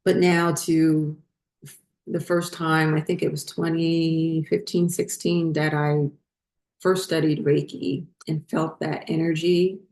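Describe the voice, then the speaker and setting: A woman hosting a spiritual vlog, talking unhurriedly with many fillers as she glances at her notes, her voice getting hoarse. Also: deep voice, flat delivery, slow, darkish tone. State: losing her voice. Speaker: spiritual channel host.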